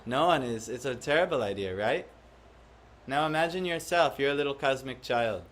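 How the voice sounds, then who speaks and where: A man's voice: mid-range voice, lively intonation, normal speed, a bit bright. A man giving a devotional class to a live audience, often questioning the listeners and acting out the voices he quotes. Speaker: spiritual teacher.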